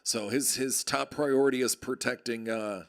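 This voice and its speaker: A man's voice: medium pitch, fairly even intonation, normal speed, vocal fry. A man hosting a card break livestream, chatting casually and joking with viewers in a rambling way. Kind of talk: casual chat.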